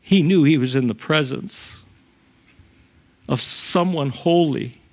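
A man's voice: on the high side, slow, darkish tone. A middle-aged male pastor preaching a sermon in a conversational way, chuckling often and acting out the quotes he tells.

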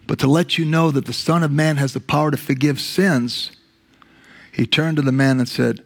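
A male pastor delivers a sermon with a gravelly, slightly husky voice. He retells scripture stories, dropping low for the quoted lines, and slows right down to stress his key words. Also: fairly even intonation. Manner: storytelling, acts out quotes in a lowered voice.

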